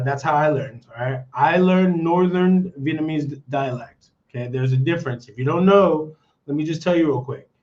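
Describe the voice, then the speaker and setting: A man with an American accent hosting a casual livestream, rambling and checking in with his viewers with "okay?" and "all right?". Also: fairly high pitch. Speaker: livestream host. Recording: dull lo-fi stream audio.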